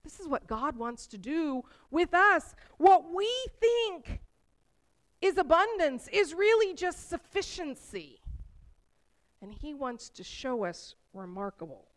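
A woman preaching from the pulpit, her voice sitting high. She tells personal stories with animated energy, rising as the feeling builds. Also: a little slow. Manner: animated storytelling, voice rising with emotion.

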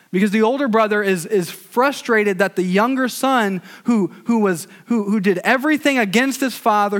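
Male preacher, fairly high voice, conversational and animated storytelling. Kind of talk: casual sermon.

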